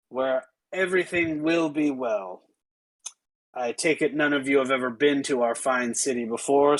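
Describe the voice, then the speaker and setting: A man voicing a deadpan, bored female city guard who talks in a flat, curt monotone. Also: on the high side, poor audio.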